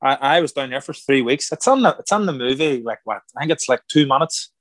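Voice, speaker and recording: An animated man telling a story as an interview guest, jumping into the voices of the people he quotes. His voice sits at an ordinary middle pitch. The sound is close and dry, with no room around it. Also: fairly quick, no echo. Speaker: guest, former boxer turned actor.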